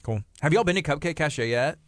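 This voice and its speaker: A man's voice: fairly high pitch, expressive, a little fast, no echo. A middle-aged man, hosting a local talk show in a chatty, friendly way. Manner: friendly, chatty, laughing often. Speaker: host. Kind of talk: casual chat.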